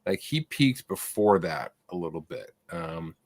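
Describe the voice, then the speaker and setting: A man co-hosting a casual comic sales show, talking in a relaxed, hesitant way with many fillers. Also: deep voice, unhurried, no echo. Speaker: co-host. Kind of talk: casual chat about comic prices.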